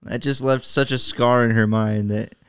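A man's voice: medium pitch, steady tone, normal speed, clean tone, no echo, studio quality. A young man co-hosting a casual podcast, teasing his friend bluntly and telling laid-back stories. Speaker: podcast co-host. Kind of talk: casual chat.

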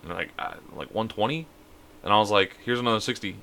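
A man telling a long, profane story in a casual podcast chat, rambling and animated. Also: on the low side, fast talker, creaky. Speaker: podcast co-host.

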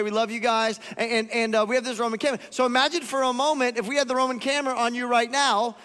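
A male pastor delivers a sermon in a markedly high voice, talking straight to his listeners as if chatting with them. His words ring out in a large church auditorium with a long, lingering reverb. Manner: animated, acts out quoted voices; conversational, addresses the congregation directly.

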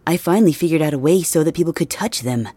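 A woman doing a calm young illusionist. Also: sits low, quick pace, husky, no echo. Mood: explaining. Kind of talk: audio drama role-play.

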